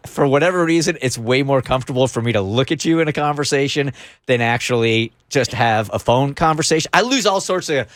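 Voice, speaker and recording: A middle-aged man hosting a radio show and telling a story in an animated, quick way. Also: mid-range voice, dry recording, clean studio sound.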